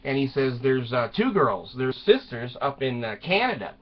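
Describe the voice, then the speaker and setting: A man's voice: mid-range voice, sing-song, moderate pace. A man telling a comic story with voiced quotes, rambling with fillers and laughing often. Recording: dull lo-fi recording.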